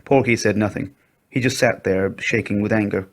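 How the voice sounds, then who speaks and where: A man narrating a children's story in an expressive storybook reading voice. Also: lowish voice, normal speed, creaky.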